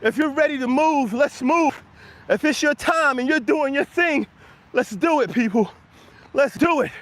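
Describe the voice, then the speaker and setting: Slightly out of breath, a man with a very high-pitched, somewhat bright voice speaks a little slowly as he hosts a motivational livestream. Walking outdoors early in the morning with a handheld camera, he energetically encourages his viewers and responds to what they comment.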